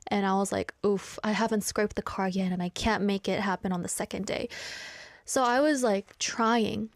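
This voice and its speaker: A young woman hosting a radio show, chatting casually and acting out the people in her story with animated high-pitched bursts. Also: moderate pace, dry recording, clean studio sound. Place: radio studio. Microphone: studio microphone.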